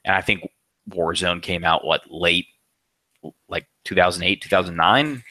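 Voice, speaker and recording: A man co-hosting a casual movie chat, excitable and profane, often stumbling and restarting. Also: low-pitched, normal speed, no room sound. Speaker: podcast co-host.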